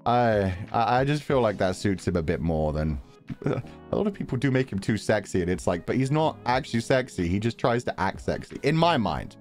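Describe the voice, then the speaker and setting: A young man casually commenting on a game as he plays, rambling and quick to laugh. His voice sits low yet swings with lively pitch, with faint music running behind. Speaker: streamer.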